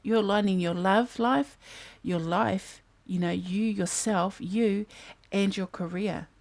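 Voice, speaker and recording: A New Zealand woman gives a slow, casual tarot reading in a steady, mid-range voice with a slightly mellow quality. Chatty and thinking aloud over the cards, she sometimes breaks into song as a fan hums nearby.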